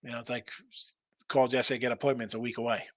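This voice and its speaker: A man's voice: medium pitch, level tone, very fast, no echo. A man hosting a casual betting stream, rambling through picks, repeating himself and reading out chat messages. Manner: restarts and repeats words often. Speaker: sports betting show host.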